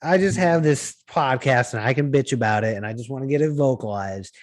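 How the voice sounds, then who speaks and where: A man venting on a podcast in casual banter, swearing freely and rambling with false starts. His voice sits at an ordinary middle pitch. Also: fairly quick. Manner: profane, ranting, rambling with restarts. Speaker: podcast co-host.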